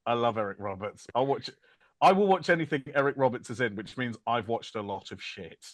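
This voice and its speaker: A man's voice: medium pitch, expressive, fairly quick. A man hosting a casual film podcast, joking around and dropping silly impressions and sing-song bits. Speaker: podcast host.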